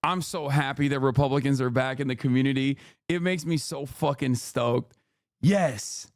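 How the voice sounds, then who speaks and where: A man's voice: medium pitch, fairly even intonation, moderate pace, dry recording, studio quality. A man in his thirties ranting on a live stream, crude, mocking and combative. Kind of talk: profane live-stream rant.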